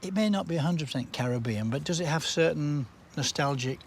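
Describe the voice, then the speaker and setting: A man's voice: fairly high pitch, animated, brisk, a little hiss or hum. A male cook and presenter, chatty and teasing, explaining each step as he cooks. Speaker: chef and TV presenter. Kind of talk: cooking show chat and voice-over narration.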